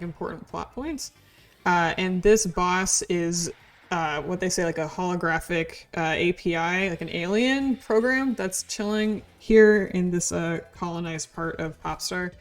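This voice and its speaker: Low-voiced woman hosting a game stream. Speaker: stream host. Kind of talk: gameplay commentary.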